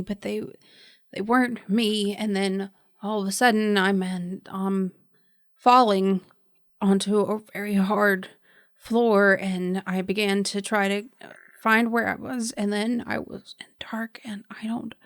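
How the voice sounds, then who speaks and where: A woman's voice: medium pitch, dry recording, close to an everyday voice. A skittish injured young woman speaks in a faint, faltering whisper, voiced by a woman. Her words stumble and break off as she struggles to explain. The sound is dry and close. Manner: weak, halting, breathy whispering.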